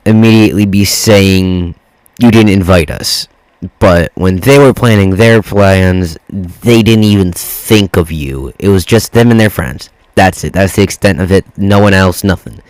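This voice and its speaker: A man's voice: sits low, a little mellow, no room sound, poor audio. A man reading Reddit posts aloud in a casual way, stopping to swear and react to the text. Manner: swears freely, reacts to typos mid-read. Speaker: reddit story reader.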